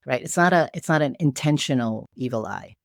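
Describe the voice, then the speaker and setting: Low-voiced woman telling lively stories. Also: brisk, vocal fry, dry recording, clean studio sound. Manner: lively storyteller who acts out quoted voices. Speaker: podcast guest. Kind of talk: casual storytelling chat.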